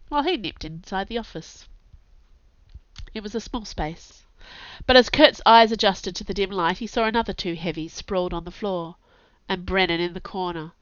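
A woman narrating a fantasy audiobook in a steady, measured way. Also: on the low side, dry recording. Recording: dull lo-fi dry recording.

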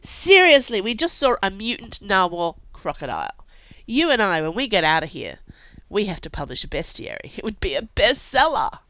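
A woman's voice: mid-range voice, sing-song, moderate pace, a bit bright, muffled recording. A woman voicing a cocky, restless young male warrior who talks in brash, teasing outbursts. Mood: breezy.

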